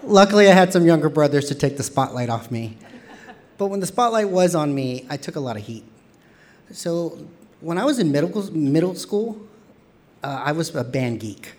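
A man in his thirties, from Texas, telling a candid personal story on stage with wry humor and lively quoted voices. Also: fairly high pitch, normal speed.

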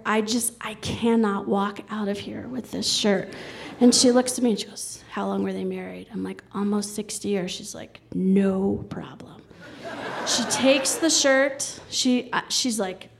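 A woman telling a personal story live on stage, lively and acting out people's lines as she quotes them. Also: fairly high pitch, slight background noise. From Colorado, USA. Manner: lively, quotes people in brief voices, laughs often.

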